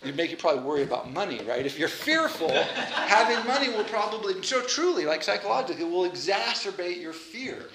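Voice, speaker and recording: A man giving an informal lecture in a chatty, animated way, with self-deprecating asides. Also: sits high, fairly quick, hardly any pauses, roomy sound, crowd noise, rough recording.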